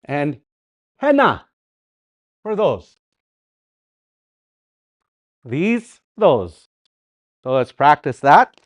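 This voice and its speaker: A man leads a live language class in a lively, swooping voice that sits a little high for a man. He drills words slowly and sometimes sings a phrase to show its tune. The sound is close and dry. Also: no echo. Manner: animated, repeats words slowly for practice. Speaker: language teacher.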